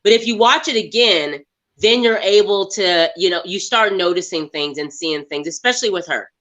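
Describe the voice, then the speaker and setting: A woman guest on a movie review podcast, retelling funny scenes in an animated way and acting out the lines. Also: on the low side, normal speed. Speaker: guest actress. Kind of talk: casual movie review chat.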